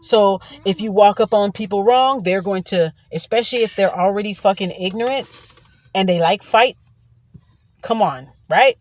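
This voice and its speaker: A woman's voice: medium pitch, moderate pace. A woman host telling a personal story in a casual monologue, blunt and profane, with emphatic repeated asides.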